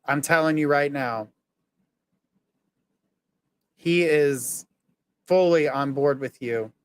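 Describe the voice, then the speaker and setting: A man's voice: fairly high pitch, slow pace, clean tone, no room sound. Earnest man giving a psychic reading. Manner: earnest, reassuring, relays messages in the first person. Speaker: psychic medium host.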